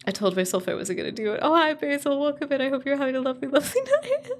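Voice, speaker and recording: A woman streamer chatting casually with viewers on a live stream, swearing freely and breaking into high squeals and laughter when startled. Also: lively intonation, racing, slight background noise. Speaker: VTuber streamer.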